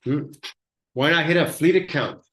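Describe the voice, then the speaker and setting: A man's voice: a little high, moderate pace, a bit bright, roomy sound. A man hosting a live business workshop, talking bluntly and conversationally as he coaches other shop owners, often repeating words as he goes. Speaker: host and auto body shop owner.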